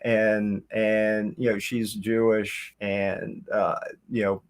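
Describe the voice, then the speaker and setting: A man in his fifties from Tennessee, a guest telling long stories in a relaxed chat over a video call. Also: lowish voice, smooth. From Tennessee, USA. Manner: unhurried, rambling storyteller. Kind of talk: casual chat.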